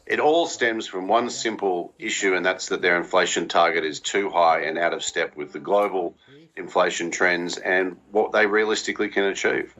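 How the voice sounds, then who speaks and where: A man, speaking as an economist guest and giving steady, firm expert commentary. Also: low voice, normal speed. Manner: steady, explanatory, firm opinions. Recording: dull lo-fi audio.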